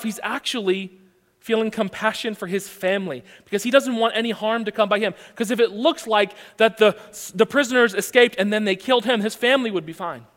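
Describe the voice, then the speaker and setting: In a hall with long reverb, a high-pitched male pastor preaches a sermon. He retells the text through animated storytelling and poses rhetorical questions.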